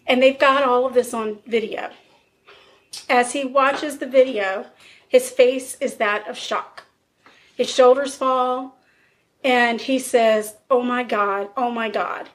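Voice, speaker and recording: A woman's voice: high voice, steady tone, takes it slowly, long pauses. A woman casually recounting a true crime case as a podcast co-host, acting out the quotes of the people involved. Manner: storyteller, acts out quotes with fillers.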